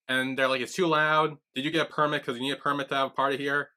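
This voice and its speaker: A man's voice: mid-range voice, little pitch movement, fast, hardly any pauses, pushed and bright. A man co-hosting a podcast, casually retelling scenes and acting out the characters' lines with frequent laughs. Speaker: podcast co-host. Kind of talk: casual recap chat.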